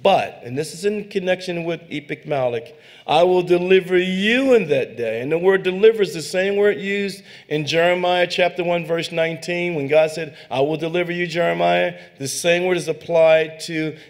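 A man's voice: a little high, normal speed. A man as a guest pastor preaching a sermon, fervent and emphatic with conversational asides. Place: church sanctuary.

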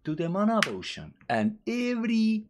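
Give me an animated male gamer trash-talking over loud typing. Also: high voice, normal speed, noisy background. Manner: animated, trash-talks game enemies, sing-song scatting. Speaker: gaming channel host. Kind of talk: live gameplay commentary. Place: at a computer, playing a game. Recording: loud keyboard clicking behind voice.

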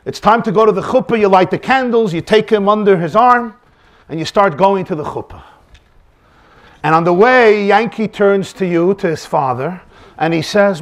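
Rabbi giving a torah class, acts out the dialogue, drops yiddish and hebrew words in, voice jumps all over the place. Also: male voice, high voice, moderate pace, gravelly. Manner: animated, acts out dialogue scenes; sprinkles Yiddish and Hebrew terms.

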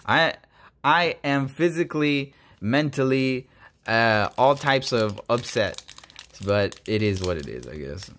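Young man, card-opening vlog, very lively pitch, excitable and gripey. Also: takes it slowly, slight background noise. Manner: animated, swings between squeals and grumbling. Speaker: YouTuber opening trading cards.

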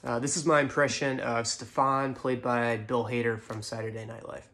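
A man presenting comedy impressions with short, deadpan introductions. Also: mid-range voice, moderate pace.

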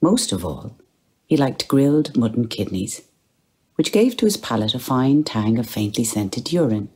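A woman's voice: a bass voice, very animated, moderate pace, a little mellow, breathy edge. A woman giving a literary reading, lingering over phrases and dropping to near-whispers. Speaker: reader.

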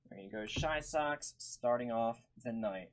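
A man's voice: mid-range voice, a little slow, slight background noise, low-quality recording. A man hosting a live-streamed card break, calling out each card and chatting with viewers by name.

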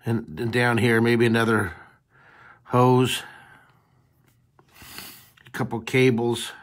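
A man hosts a live drawing lesson as teacher and show host, sketching while chatting cheerfully with viewers and answering their comments in an upbeat way. His voice is medium-pitched with little pitch movement, and he takes things slowly.

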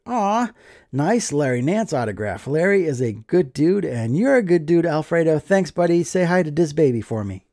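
Man, casual mail-opening vlog, enthusiastic, joking, warm tone, a bit high. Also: sing-song, moderate pace, dry recording, studio quality. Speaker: card collecting vlogger.

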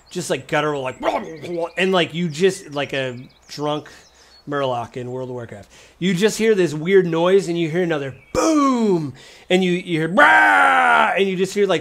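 A man's voice: a little high, a little hiss or hum. Chatty, rambling male game master. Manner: casual, rambling, frequent fillers and laughs. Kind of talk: narrating a tabletop game.

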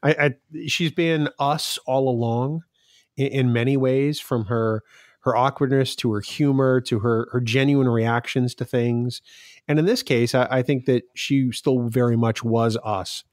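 A man's voice: medium pitch, steady tone, measured pace, no echo. Male co-host, casual podcast chat, earnest and analytical, dry close mic.

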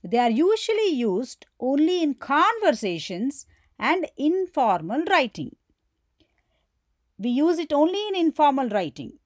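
A woman's voice: high-pitched, big pitch swings, a little slow, no room sound. A woman teaching a grammar lesson, who poses questions to her viewers and answers them herself, and acts out the example exclamations.

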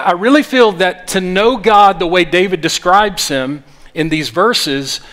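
A man preaches a sermon, his voice sitting a little high for a man. He talks earnestly, stumbling through fillers and restarts. He leads his congregation in call-and-response. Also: pushed and bright. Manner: call-and-response, urges the congregation to repeat after him. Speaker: pastor.

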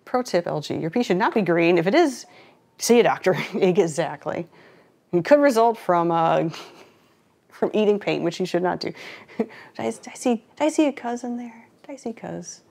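A woman's voice: on the low side, lively intonation, moderate pace, vocal fry, a little mellow. A woman hosting a live painting stream, chatting casually with viewers, laughing often and greeting chat while she works. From Florida.

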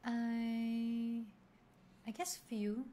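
A young woman co-hosting a casual chat, halting as she searches for words and laughing often. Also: on the high side, little pitch movement, dark tone, slight background noise. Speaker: podcast co-host.

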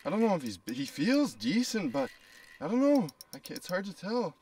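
A young man vlogging while ice fishing in a small flip-up shelter. He talks casually and swears freely, breaking into loud excited exclamations. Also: high-pitched, normal speed, slightly rough.

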